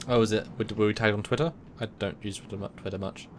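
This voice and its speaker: A man co-hosts a loose livestream chat with a lowish voice, tripping over restarts and drifting into asides. A faint rumble hums behind him. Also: fairly even intonation. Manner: rambling, restarts, quick asides. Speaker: co-host.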